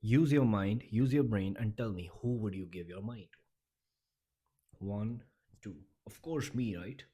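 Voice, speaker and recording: A man's voice: lowish voice, measured pace, mellow, husky. A man giving a motivational vlog talk in an emphatic, repetitive and blunt way, often restarting his sentences. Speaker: YouTuber.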